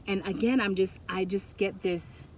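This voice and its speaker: A woman giving a pick-a-pile tarot reading, talking in a rambling, halting way that often turns emotional, recorded on a Bluetooth mic. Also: medium pitch, steady tone, a little hiss or hum. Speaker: tarot reader.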